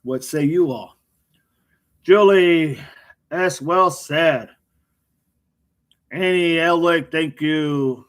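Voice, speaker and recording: A man hosting a casual livestream, reading out viewer comments by name and answering them with jokes. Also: a little high. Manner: reads viewer comments aloud by name, joking and quick responses. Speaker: livestream host reading chat. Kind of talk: casual live chat.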